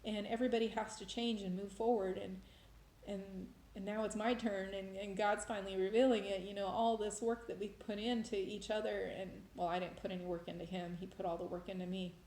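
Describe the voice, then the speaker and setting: Woman vlogger, mid pitch, emotional and rambling, recorded in an echoey room. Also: little pitch movement, fairly quick, darkish tone. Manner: emotional, rambling with many restarts. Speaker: vlogger sharing faith experiences. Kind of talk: casual testimony monologue. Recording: roomy echo.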